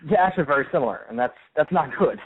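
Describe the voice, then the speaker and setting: A man joining a radio talk show, teasing the others in a quick, casual chat. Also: medium pitch, expressive, breathy edge, dry recording. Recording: tinny phone-like dry line.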